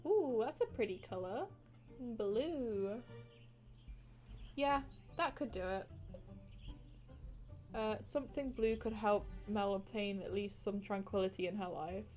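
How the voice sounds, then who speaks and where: A woman's voice: medium pitch, slow, pauses often, a little mellow, faint music behind. A young woman streamer, playful and chatty, reading and commenting on a cozy game.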